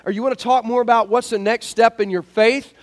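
A man preaching a sermon as pastor, in a folksy, animated storytelling manner with lots of fillers. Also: very high voice, a little fast.

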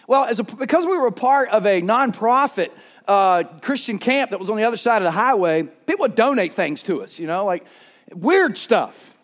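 Middle-aged guy preaching, real high voice, gets loud and animated telling stories. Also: normal speed. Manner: animated storytelling, shouts during anecdotes. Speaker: pastor. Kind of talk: sermon.

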